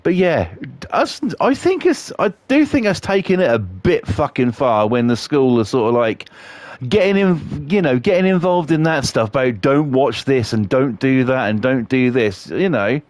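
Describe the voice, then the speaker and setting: A man's voice: medium pitch, sing-song, normal speed, darkish tone, no room sound. A middle-aged man streaming live, chatting casually and telling rambling, sweary stories while he laughs at his own jokes. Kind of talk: casual storytelling while playing a game live.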